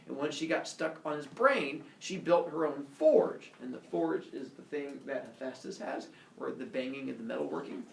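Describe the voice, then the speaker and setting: A man teaching a class, telling a myth in an animated, playful storytelling manner. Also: on the high side, moderate pace, vocal fry, hardly any pauses, a little hiss or hum. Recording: echoey classroom from a distance.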